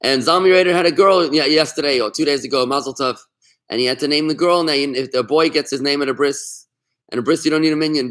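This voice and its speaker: A middle-aged man, a rabbi, leading a casual online Talmud class, telling stories with lively asides and frequent restarts. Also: fairly high pitch. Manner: animated storyteller, warm asides, many restarts.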